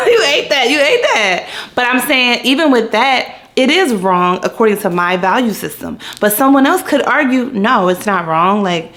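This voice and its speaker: A woman from Philadelphia talking candidly to her viewers in a casual vlog, playful and open, often acting out little quoted exchanges. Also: medium pitch. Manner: chatty, candid, playful quoting voices. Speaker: vlogger. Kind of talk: casual vlog chat to camera.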